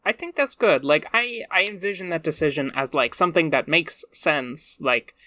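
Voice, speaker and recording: A podcast co-host describing a character's backstory in a relaxed, blunt way with casual swearing. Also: mid-range voice, moderate pace, no echo, clean studio sound. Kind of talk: casual tabletop character-building chat.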